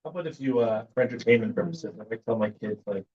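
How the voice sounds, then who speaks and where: A man in the audience asking quiet questions. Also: medium pitch, quick pace, husky. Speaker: audience member. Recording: dull and distant from the mic.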